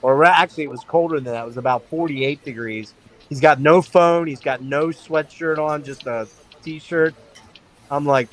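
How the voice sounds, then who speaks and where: A middle-aged man spinning a story on a casual livestream. His voice runs slightly high for a man. He swears freely and delivers each moment with emphatic, animated energy. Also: normal speed, poor audio. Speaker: stream host.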